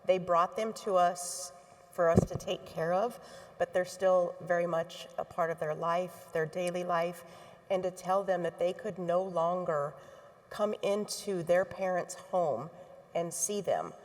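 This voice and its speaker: A middle-aged woman with a somewhat low voice speaks earnestly from a stage. Her delivery is heartfelt and steady. A long hall reverb trails her words. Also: measured pace. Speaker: healthcare association board chair. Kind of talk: onstage talk to an audience.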